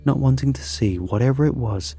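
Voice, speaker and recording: A man narrating a scripted horror story in a measured, suspenseful way. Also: medium pitch, mellow, breathy edge.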